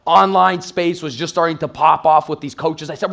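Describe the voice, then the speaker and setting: Man in his thirties, from Toronto, sales trainer on stage, high voice, rapid hype delivery. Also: steady tone, gravelly, fairly bright tone. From Toronto, Canada. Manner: intense, hype-driven storytelling with acted-out quotes. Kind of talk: energetic motivational stage talk. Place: stage in a live event room.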